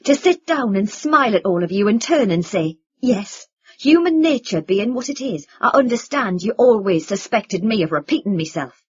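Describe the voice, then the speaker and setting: A woman voicing a bitter young man who speaks flatly and curtly, in a dull lo-fi recording. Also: medium pitch, moderate pace, husky, dry recording. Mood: yelling. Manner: flat, curt, then yelling. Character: bitter, angry young man, flat and cold.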